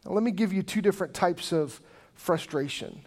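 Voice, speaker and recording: Male pastor, high voice, animated sermon storyteller who acts out quoted voices. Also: moderate pace. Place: church sanctuary.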